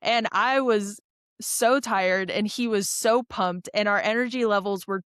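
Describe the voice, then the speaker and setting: A woman's voice: mid-range voice, measured pace, a bit bright, clean tone, no echo, clean studio sound. A young adult woman, a podcast guest, telling a long story in a casual, rambling way with lots of fillers and restarts. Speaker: podcast guest, ultra runner.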